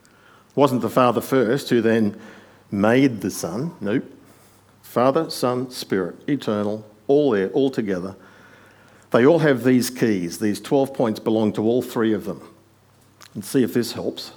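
A man preaching an expository sermon, rising to emphatic peaks on quoted lines and dropping quiet on asides. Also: mid-range voice, measured pace.

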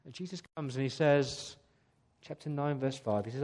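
Earnest preacher asking rhetorical questions. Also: male voice, mid-range voice, moderate pace, a little mellow. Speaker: pastor. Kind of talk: sermon. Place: church service.

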